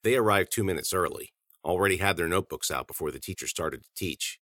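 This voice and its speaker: A man reading scripted audiobook narration in animated, clipped sentences. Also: deep voice, fast talker, no echo, clean studio sound.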